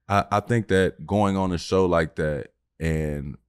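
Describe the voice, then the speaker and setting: A man's voice: low voice, a little slow, clean tone, no echo, studio quality. A man hosting a podcast in casual chat, slangy and joking, laughing often. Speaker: podcast host.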